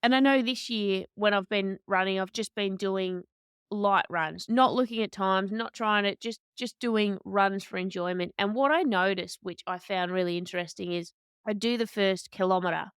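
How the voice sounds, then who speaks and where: Gravelly, smooth-voiced woman. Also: medium pitch, moderate pace, dry recording, clean studio sound. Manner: candid, animated storyteller with frequent restarts. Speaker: podcast guest, boxer and coach. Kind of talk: conversational storytelling.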